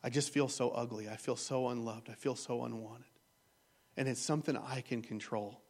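A man's voice: mid-range voice, fairly even intonation, moderate pace, a little mellow, natural voice. Troubled teen girl, as a preacher quotes her. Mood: hushed, hurt. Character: upset teenage girl confessing self-harm.

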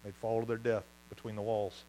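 A man preaching a sermon as pastor, telling stories with lively asides and laughing at his own jokes. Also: on the low side, a little fast, slight background noise, poor audio.

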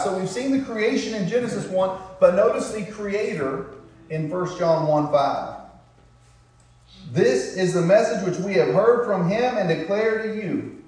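A man's voice: high voice, darkish tone. A man preaching a sermon to a congregation, drawing out emphatic words and throwing in tag questions like "isn't it?". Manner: call-and-response preaching, rhetorical tag questions. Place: church sanctuary. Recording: very echoey room, voice far from mic.

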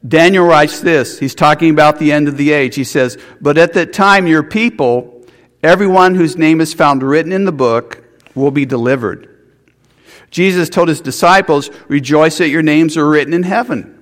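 A man's voice: fairly high pitch, normal speed, big-room sound. A man preaching a sermon, earnest, with restarts and rhetorical questions. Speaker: pastor.

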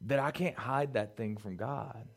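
A man's voice: mid-range voice, unhurried, vocal fry, husky. A middle-aged man preaching to young people as a youth pastor, talking casually and building to fervent urging, often saying "man" and "listen.". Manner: conversational, rising to fervent urging; peppers speech with "man" and "listen". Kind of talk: sermon.

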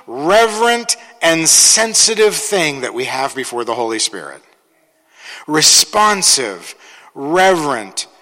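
A man's voice: a little high, bright, forceful tone, in a large hall. A man pastor preaching a sermon, emphatic, repeating key phrases and slipping in ironic asides.

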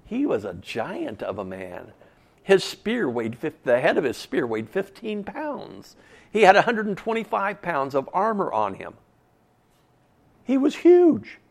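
A man's voice: fairly high pitch, wildly swooping pitch, measured pace, creaky. Folksy, conversational male preacher. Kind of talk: sermon.

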